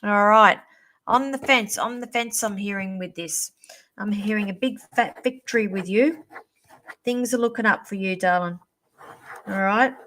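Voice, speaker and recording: A woman's voice: mid-range voice, unhurried, a bit bright, slight background noise. Chatty psychic woman calling viewers darling. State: voice going hoarse. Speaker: psychic reader hosting a live stream. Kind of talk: live-stream psychic reading, reading out viewer questions. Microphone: computer or phone mic on a live stream.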